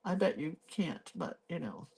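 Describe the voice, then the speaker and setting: A woman's voice: sits low, lively intonation, normal speed, vocal fry, warm tone, slightly rough. A woman hosting a casual live drawing tutorial from her craft desk, filmed on a phone. She chats and thinks aloud as she draws. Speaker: host and doodling teacher. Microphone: phone camera.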